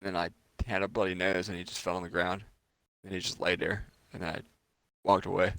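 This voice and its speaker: A man's voice: deep voice, flat delivery, a little fast, fairly bright tone, no room sound. A young man co-hosting a podcast, telling crude stories in casual chat and laughing often. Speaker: podcast co-host.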